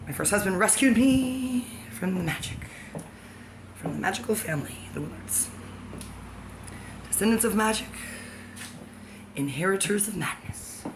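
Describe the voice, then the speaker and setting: Rambling woman vlogger, noisy background. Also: mid-range voice. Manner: free-associating, jumpy, laughs often. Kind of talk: rambling monologue. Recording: background noise.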